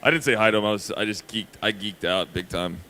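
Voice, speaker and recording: A man's voice: fairly low pitch, quick pace, sharp tone, a little hiss or hum. A man on a convention panel, chatting in a loose, rambling way and swearing casually. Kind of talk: casual chat.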